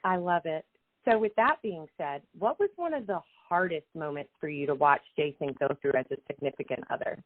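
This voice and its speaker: A woman's voice: sits low, animated, brisk, dry recording. Woman podcast host, supportive, asks questions, phone-line sound. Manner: warm affirming remarks, then questions. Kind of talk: interview questions, encouraging. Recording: tinny phone-like line, dry.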